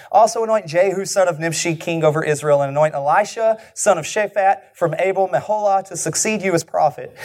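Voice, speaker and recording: A man preaching a sermon in an earnest way, slowing down and dropping his voice low and soft on key lines.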